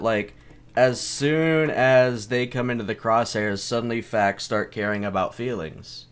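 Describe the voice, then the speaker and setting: A man's voice: medium pitch, unhurried, clean tone. A young adult man, a comedian, telling a story in casual, rambling talk full of swearing and laughter. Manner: rambling, profane, laughing often. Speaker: comedian guest.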